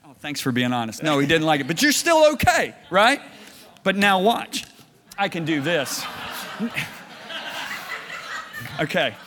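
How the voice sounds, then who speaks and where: A man's voice: on the high side, measured pace, pauses often, a little hiss or hum. A middle-aged man preaching a sermon before a congregation, telling stories and acting out his own quoted words with laughs. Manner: storytelling, animated, with laughs and acted-out quotes. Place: church or conference hall. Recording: reverberant hall.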